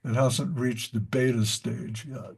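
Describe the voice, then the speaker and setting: A man's voice: mid-range voice, fairly even intonation, slow pace, gravelly, a little mellow, breathy edge. A man teaching a devotional study class, telling stories in a rambling way with many fillers and asides. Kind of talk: unhurried spiritual class talk with stories.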